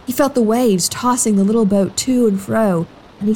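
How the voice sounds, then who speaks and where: Gentle woman telling a children's Bible story. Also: mid-range voice, a little hiss or hum, poor audio. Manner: slow, gentle, expressive, addressing children. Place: at home.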